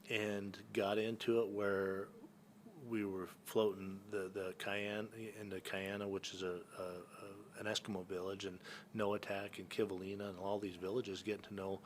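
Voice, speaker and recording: A man's voice: fairly low pitch, little pitch movement, moderate pace, a little hiss or hum. A man from Northern California, a podcast guest, telling rambling stories with many fillers and restarts. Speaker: guest, entrepreneur and hunting guide. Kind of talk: casual storytelling in a podcast interview.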